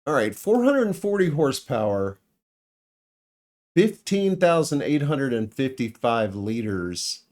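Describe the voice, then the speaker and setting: A man's voice: mid-range voice, sing-song, unhurried. A man giving casual commentary over his farming game, musing aloud and chuckling now and then. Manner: musing aloud, thinking out loud with small laughs. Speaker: let's play gamer.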